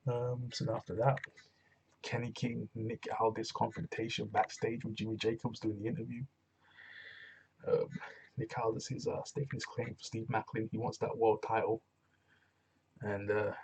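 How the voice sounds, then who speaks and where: A man's voice: fairly low pitch, little pitch movement, normal speed, vocal fry, pauses often, a little mellow, breathy edge. A man casually recapping a wrestling show, rambling and often saying "you know what I'm saying".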